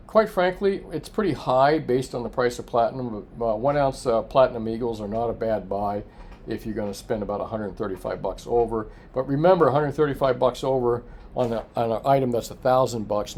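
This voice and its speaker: A slightly mellow, mid-range male voice leads a relaxed evening livestream price report from a Florida coin shop, full of filler as he chats and takes on viewer comments.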